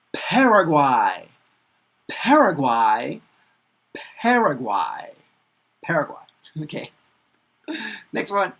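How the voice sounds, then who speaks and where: A man teaching pronunciation in an upbeat, playful way, repeating each word slowly and chuckling between them. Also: a little high, sharp tone. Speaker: English teacher. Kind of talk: pronunciation lesson with repetition.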